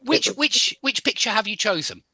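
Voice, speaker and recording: Encouraging male tutor on a video call, bright and animated. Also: high voice, normal speed, dry recording. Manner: corrective, encouraging, explains pronunciation. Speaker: English teacher. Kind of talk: online live English lesson.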